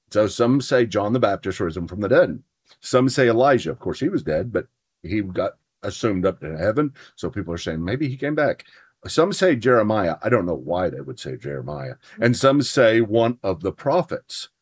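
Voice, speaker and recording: A man with a low voice and a husky, slightly rough texture hosts a podcast. He chats about theology in an earnest, conversational way, partly reading from notes and building to firm, emphatic points. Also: animated, moderate pace. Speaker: podcast host. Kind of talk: casual theology chat, partly read from notes.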